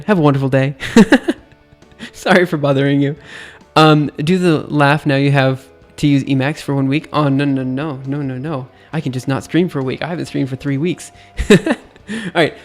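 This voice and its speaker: A man with a slightly gravelly voice talks through a physics idea on a livestream, thinking aloud and giggling at his own asides. Faint music plays quietly behind him. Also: on the high side. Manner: chatty, giggly, self-deprecating, thinks aloud. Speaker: streamer teaching physics. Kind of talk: casual livestream explanation.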